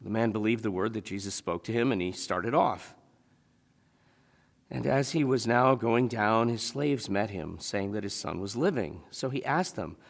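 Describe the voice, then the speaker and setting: A man's voice: lowish voice, normal speed, vocal fry, big-room sound. A man preaching a sermon in a church, talking conversationally and asking the congregation rhetorical questions. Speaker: pastor. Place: church sanctuary.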